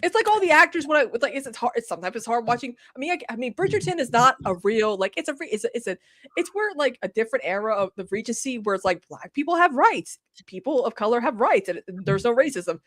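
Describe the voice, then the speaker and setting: A woman in her thirties with a fairly high, very lively voice, rambling through stories on a podcast. She piles on asides and fillers, and her voice sounds close and dry. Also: no room sound. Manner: animated, rambling, quick asides, swearing. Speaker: podcast co-host. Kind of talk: casual chat.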